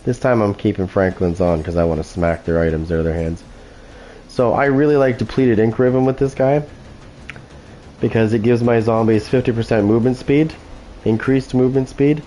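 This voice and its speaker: A man's voice: lowish voice, moderate pace, mellow, slight background noise, low-quality recording. A man hosting gameplay commentary, taunting opponents with constant profane trash talk. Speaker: gaming channel host.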